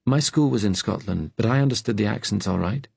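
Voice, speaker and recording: A man voicing a shy, hesitant young man who speaks softly in an audiobook. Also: on the low side, fairly quick, gravelly, husky, dry recording, pitched above the performer's own voice. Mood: mild.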